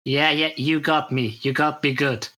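A woman's voice: deep voice, fairly even intonation, moderate pace, a bit bright. A woman playing a tabletop game, hesitant and stammering. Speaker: player.

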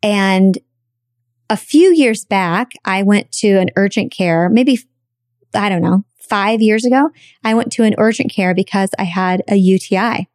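A woman telling a personal story in a chatty, animated way, acting out the voices of people she quotes. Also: medium pitch, a little slow, dry recording, studio quality.

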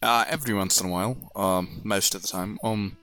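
A man's voice: on the low side, brisk, sharp tone. A man narrating as game master in a tabletop role-playing game, speaking hesitantly with many restarts.

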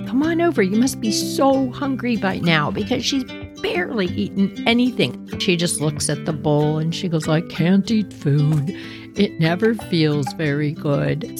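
Woman, podcast host, chatty animated storytelling, medium pitch, faint music behind. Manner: chatty and animated, acts out voices. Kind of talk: casual storytelling.

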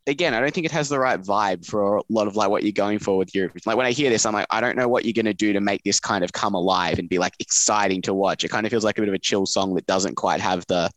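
A man talks quickly in a lowish voice, softening his views with "kind of" and "a bit". The sound is dry and close to the mic. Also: no echo. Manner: hedging, easygoing. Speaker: panel guest. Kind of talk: casual panel chat.

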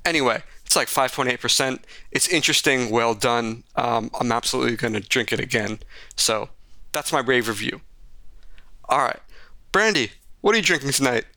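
A man's voice: medium pitch, animated, normal speed, bright, forceful tone, no echo. A man co-hosting a casual podcast chat, wry and joking with rambling asides. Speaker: podcast co-host.

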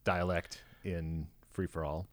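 A man's voice: low-pitched, little pitch movement, takes it slowly, no room sound. A man co-hosting a casual podcast, trading wordplay and playful grandiose intros. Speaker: podcast co-host. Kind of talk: casual chat.

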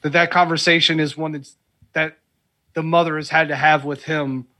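Bright, higher-voiced earnest man. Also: little pitch movement, moderate pace. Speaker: podcast co-host. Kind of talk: casual film discussion.

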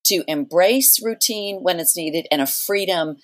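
Middle-aged woman author, lowish voice, measured and reflective guest. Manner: thoughtful, measured, with soft laughs. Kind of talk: podcast interview.

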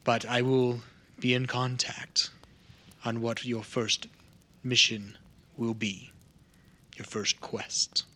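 A man voicing a proud, formal non-human crafter in a tabletop game, speaking slowly and with measured care. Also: medium pitch, little pitch movement, pushed and bright.

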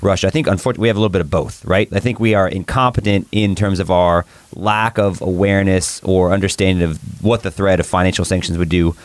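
A man's voice: low-pitched, fairly even intonation, fast, few pauses, dry recording. A man giving commentary on a political talk show, rambling and correcting himself with a laugh. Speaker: guest commentator.

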